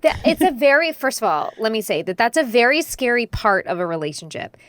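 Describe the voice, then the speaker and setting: A woman with a smooth, clear voice gives earnest advice on a podcast. The recording is dry and close, with no room sound. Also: fairly high pitch, big pitch swings, brisk, fairly bright tone, no room sound. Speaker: podcast co-host. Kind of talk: casual chat.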